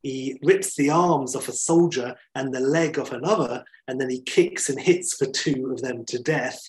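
A man's voice: medium pitch, normal speed, poor audio. A man, a podcast host, telling a story in enthusiastic, chatty talk with many fillers. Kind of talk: casual storytelling chat.

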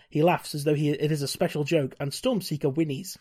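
A man's voice: a little high, steady tone, a little fast, warm tone, breathy edge. Wry man reading a gamebook aloud. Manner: wry, laughs often, reads narration steadily. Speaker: podcast host reading a gamebook.

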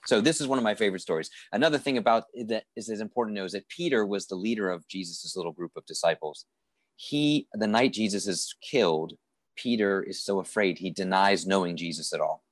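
A man with a very low voice tells a Bible story the way you would tell a friend, loose and conversational, pausing on small fillers and restarting phrases. The recording is dry and close, with no room sound around him. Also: dry recording. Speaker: speaker telling a Bible story. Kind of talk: reflective spoken sermon.

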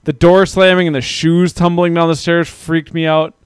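This podcast host keeps things chatty and pokes fun at himself while reading out comments from listeners. His slightly high voice stays fairly level in pitch at normal speed, clean-toned and recorded in studio quality without echo.

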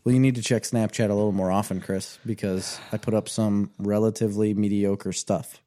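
A man's voice: on the low side, flat delivery, fairly quick, dark tone. A man in his thirties, co-hosting a casual chat in an easygoing, teasing way. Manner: easygoing, teasing, laughs often. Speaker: podcast co-host.

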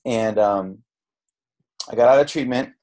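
A middle-aged chef from Southern California, appearing as a podcast guest, tells his story candidly in a casual interview. His mid-range voice is a little mellow and moderately paced, and he rambles with restarts and quoted dialogue. A podcast microphone picks him up.

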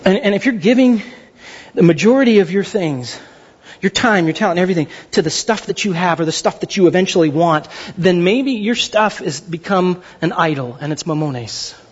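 A man's voice: high-pitched, expressive, normal speed, slightly rough, highs cut off. A man preaching a sermon as pastor, emphatic and full of rhetorical questions.

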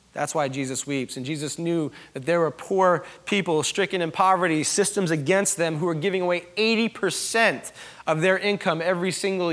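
A young adult man preaching a sermon, swinging from hushed, quiet passages to emphatic, raised declarations. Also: a little high. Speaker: pastor.

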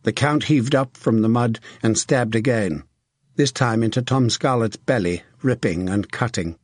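Audiobook narrator, man, husky and steady, dry close recording. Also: medium pitch, unhurried, no room sound. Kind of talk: scripted narration.

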